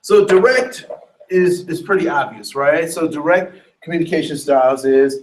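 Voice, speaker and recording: Man, higher voice, animated workshop trainer, asks the audience questions, echoey room, distant mic. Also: moderate pace. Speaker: diversity trainer. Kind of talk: workshop lecture.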